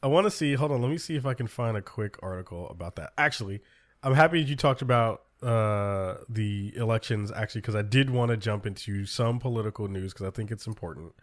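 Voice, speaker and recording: A man's voice: fairly low pitch, fairly quick. A man hosting a casual talk show, running loosely through news with lots of ums and restarts. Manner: loose, filler-heavy rundown of news. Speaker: podcast host. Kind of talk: casual political chat.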